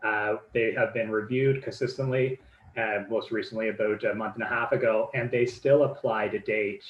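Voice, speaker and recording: A man's voice: on the low side, steady tone, moderate pace, roomy sound, highs cut off. A man giving an informal presentation, loose in delivery, with many fillers and repeated words.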